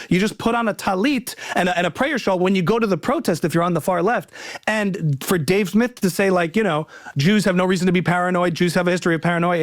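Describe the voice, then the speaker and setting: A male comedian as podcast guest, arguing emphatically in a heated conversation and repeating words as he starts sentences. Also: sits high.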